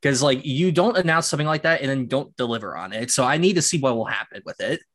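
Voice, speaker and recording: A man's voice: medium pitch, expressive, quick pace, a bit bright, dry recording, studio quality. A man co-hosting a casual podcast, curious and easygoing. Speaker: podcast co-host.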